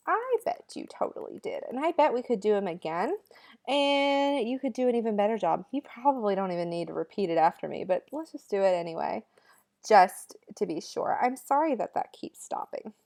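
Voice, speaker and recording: A woman's voice: medium pitch, big pitch swings, moderate pace, a little mellow. A woman music teacher giving a remote lesson to children, chatty, upbeat and encouraging.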